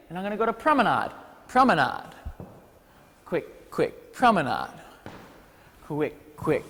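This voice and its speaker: An energetic man teaching a ballroom class, calling out counts with a lively, swooping delivery and a fairly high voice. His words ring out with a long reverb. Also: a little slow, long pauses, slight background noise. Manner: energetic, counts steps aloud, playful asides. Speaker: dance teacher. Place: dance studio hall.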